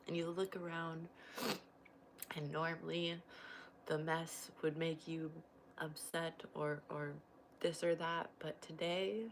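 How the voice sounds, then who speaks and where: Woman, 30s, livestream host; low, unhurried, chatty and emotional, laughs often. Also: fairly even intonation, pushed and bright, slight background noise, low-quality recording. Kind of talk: casual livestream chat, reading viewer comments.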